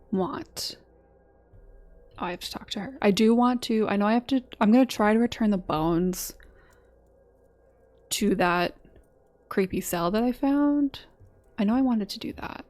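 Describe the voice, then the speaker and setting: A woman's voice: medium pitch, darkish tone. A woman streaming a game, reading its dialogue aloud between chatty asides. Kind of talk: live-streamed gameplay commentary.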